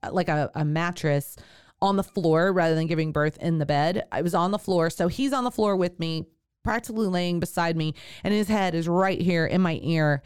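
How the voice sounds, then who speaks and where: A podcast host and birth worker with a low, darkish, clean voice shares her personal birth story, then offers chatty advice directly to her listeners. The recording is studio quality with no room sound, and her speech includes fillers and direct address.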